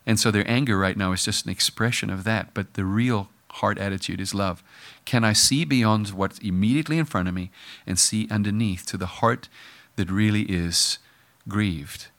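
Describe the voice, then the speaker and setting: A man's voice: fairly low pitch, moderate pace, fairly bright tone. A man preaching a sermon in a conversational way, acting out the voices he quotes. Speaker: pastor.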